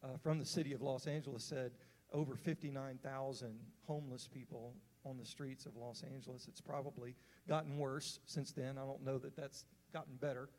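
A man's voice: mid-range voice, fairly even intonation, a little fast, darkish tone. A man giving a sermon as a story, in an earnest, conversational way with fillers and restarts. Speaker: preacher. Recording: long hall reverb.

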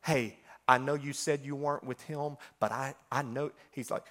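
A man, talking through scripture in an emphatic, folksy, excitable way. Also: medium pitch, normal speed. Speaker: preacher. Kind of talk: animated scripture talk.

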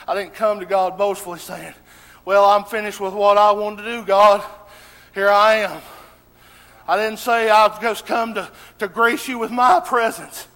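Man, pastor, sermon, very high voice, impassioned shouting, folksy rural grammar, long hall reverb. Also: steady tone, moderate pace.

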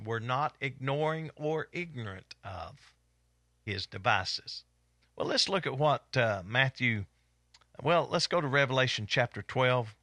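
A middle-aged man with an Eastern Kentucky Appalachian accent, preaching a fervent Bible study and hollering with excitement as he teaches. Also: medium pitch, no room sound, clean studio sound. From East Kentucky.

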